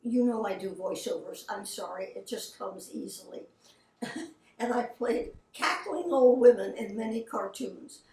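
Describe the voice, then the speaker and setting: A woman's voice: medium pitch, measured pace, darkish tone, slight background noise. Older woman telling stories, roomy and distant. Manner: chatty anecdotal, quotes people in her stories. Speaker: voice actress. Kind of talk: casual storytelling.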